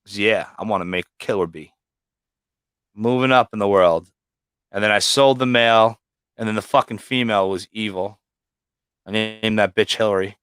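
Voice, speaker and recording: A man's voice: on the low side, moderate pace, pauses often, clear, resonant tone, no echo, clean studio sound. A man chatting casually on a livestream about breeding snakes, swearing freely and acting out what he and his snakes said. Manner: profane storyteller, acts out quotes loudly. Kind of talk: casual chat.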